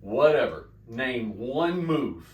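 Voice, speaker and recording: Podcast co-host, man in his 40s, grew up in the Midwest, animated storyteller who does the voices, recorded off-mic in an echoey room. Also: medium pitch, takes it slowly, far from the mic. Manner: excited storyteller, acts out quotes. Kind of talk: casual chat.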